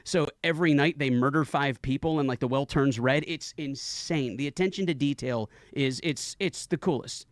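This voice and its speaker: A man's voice: medium pitch, moderate pace, hardly any pauses, no echo, studio quality. A middle-aged man who is a guest on a talk stream, telling stories with enthusiasm. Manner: enthusiastic storyteller. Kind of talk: casual interview chat.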